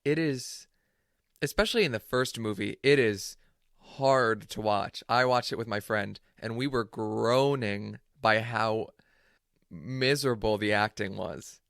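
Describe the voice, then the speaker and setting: A man's voice: lowish voice, a little slow, creaky, fairly bright tone, dry recording, studio quality. A man hosting a podcast in a casual chat, playful and self-mocking as he teases his guest. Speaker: podcast host.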